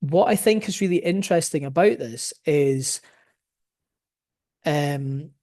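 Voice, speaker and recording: A man's voice: on the high side, slow pace, darkish tone. A man presenting his research in an academic talk, explaining his findings and thinking aloud as he goes.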